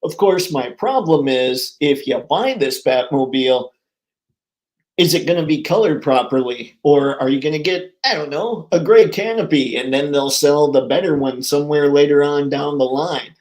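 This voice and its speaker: An upbeat man with a slightly high voice hosts a casual live stream and chats with viewers. His talk is jokey and chatty. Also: moderate pace, darkish tone. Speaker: host of a toy collecting live stream.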